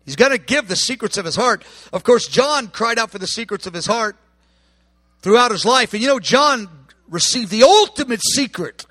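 A man preaching a sermon with passion, acting out quoted voices and swinging from hushed tones to shouts. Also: very high-pitched, expressive, normal speed, no echo.

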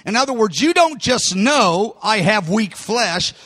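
Brief: pastor, dramatic storyteller, bright and forceful, long reverb of a large hall. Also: male voice, high voice, unhurried, few pauses. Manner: animated, dramatic storytelling, rising to shouts. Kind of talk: sermon.

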